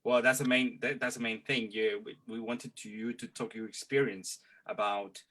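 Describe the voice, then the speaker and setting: Guy co-hosting, eager, bit halting english, mid pitch. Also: fairly even intonation, pushed and bright. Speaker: co-host. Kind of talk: interview hosting.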